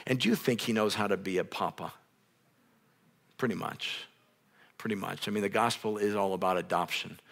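A male pastor preaching a sermon in a casual, conversational way, with many restarts, growing louder and higher when stirred up. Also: gravelly. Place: church sanctuary, on a raised stage.

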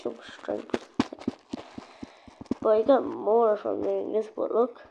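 Here a female gamer and channel host chats loosely through her gameplay, circling back to the same points and suddenly exclaiming. She speaks slowly in a dark, creaky, mid-range voice with large pitch swings, captured in muffled lo-fi sound carrying faint noise.

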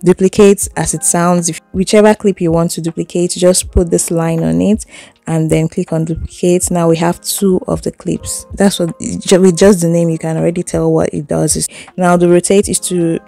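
Speaking at a moderate pace with a flat, mellow delivery and some vocal fry, this lowish-voiced woman explains an editing process step by step in a chatty way, laughing softly now and then. The recording is dry, made on a phone while she sits indoors, and faint music plays underneath this casual screen tutorial.

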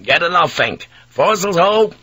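A man reading an audiobook and voicing a tough male ship's pilot who shouts orders at his crew through a storm. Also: mid-range voice, steady tone, moderate pace, dry recording, close to an everyday voice. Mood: bellowing. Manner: loud raised shouting orders.

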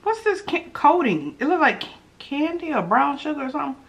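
A woman's voice: sits high, fairly quick. A woman chatting to her viewers in a casual eating vlog, humming as she tastes and calling out to her audience. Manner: chatty and animated, savoring food with hums. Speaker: mukbang vlogger.

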